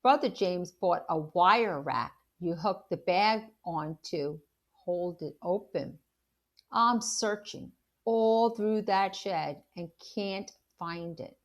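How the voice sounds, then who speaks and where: A woman reads a children's novel aloud in the manner of a teacher, animated and expressive in her storytelling. Her voice sits on the lower side and she takes her time. She breaks off now and then to put questions about the story to her listeners. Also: slow.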